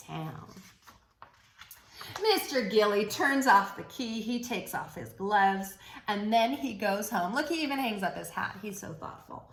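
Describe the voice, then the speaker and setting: Here a teacher reads a picture book aloud to little ones, her medium-pitched voice expressive and a bit bright at a normal speed. The delivery is playful and encouraging, sing-song in storytime fashion, and she guides the children through call-and-response chants while the sound reverberates.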